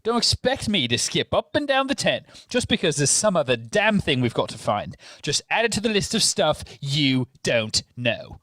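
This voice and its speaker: A man's voice: fairly high pitch, sing-song, normal speed, hardly any pauses, bright, forceful tone, dry recording, exaggerated voice. A man reading the part of a sulking, angry teenage boy wizard in a podcast read-through, complaining and dramatic. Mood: grumbling.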